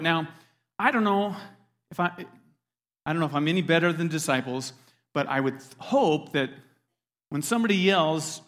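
A man's voice: a little high, animated, moderate pace, a bit bright. A man preaching a sermon as a pastor, earnest, repeating words as he stresses his points. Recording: long hall reverb.

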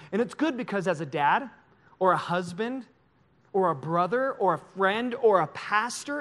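A male pastor preaching a sermon in an emotional, confessional way, swinging from loud to hushed. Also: extremely high pitch.

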